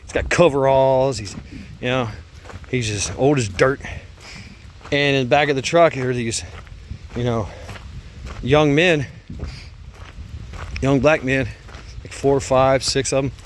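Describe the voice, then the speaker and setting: A man's voice: medium pitch, a little slow, long pauses, slight background noise. A man telling a casual story, rambling and swearing, with lots of fillers, restarts and frequent laughs. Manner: laughs often while telling.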